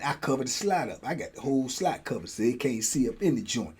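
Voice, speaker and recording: A middle-aged man telling a prison story in casual talk. He acts out the guards and himself in loud high bursts and drops low and quiet for asides. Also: very animated, fast, background noise. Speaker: storyteller host.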